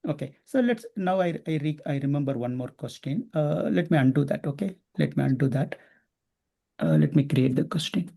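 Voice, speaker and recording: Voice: medium pitch, expressive, normal speed, vocal fry, warm tone. An instructor teaching a class step by step and often checking in with the students. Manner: explains step by step, often asking the class questions.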